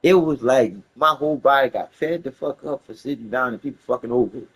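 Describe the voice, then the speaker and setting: A man telling a story casually, animated and profane, laughing along the way. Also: mid-range voice, a little fast, husky, low-quality recording.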